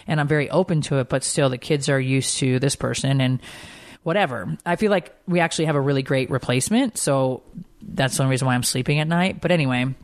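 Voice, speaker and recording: A woman in her thirties telling a family story in casual chat, jumping up high whenever she quotes someone. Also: quick pace, no room sound, studio quality. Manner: animated storytelling, voice jumps high when quoting. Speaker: podcast co-host, mother.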